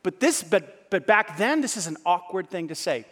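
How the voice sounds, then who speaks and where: A man's voice: sits high, big pitch swings, normal speed, fairly bright tone. A male pastor preaching a sermon, firing rhetorical questions at his congregation. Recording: long hall reverb.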